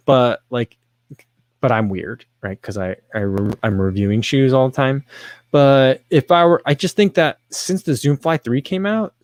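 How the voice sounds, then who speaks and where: A man's voice: mid-range voice, darkish tone, dry recording. Chatty man hosting a running livestream. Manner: rambling, self-deprecating, with frequent restarts and fillers. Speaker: livestream host reading chat questions. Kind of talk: casual livestream chat.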